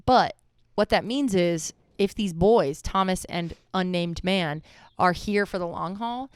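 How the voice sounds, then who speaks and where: Jokey young woman cohost, clear smooth voice, dry close mic. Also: on the low side, a little slow, no echo. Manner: playful and jokey, gives confident advice. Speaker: podcast co-host. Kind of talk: casual chat.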